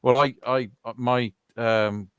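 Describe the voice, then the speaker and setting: Over casual online voice chat, a Welsh soldier in his fifties talks with friends he games with. His mid-range voice is steady, slow and clean, with no room sound, and he wanders easily from story to story, laughing as he tells them.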